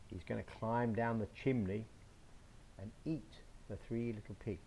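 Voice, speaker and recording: A man reading a picture book aloud to children, slow and expressive, adding sound effects. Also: fairly low pitch, dull audio, slight background noise. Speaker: storyteller.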